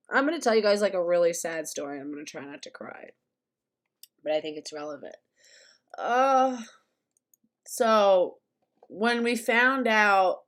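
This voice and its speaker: Woman, livestream host, slightly high voice, blunt, sarcastic, profane, chatty. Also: animated, a little slow. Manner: chatty with live chat. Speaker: commentary streamer host. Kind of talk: casual livestream commentary.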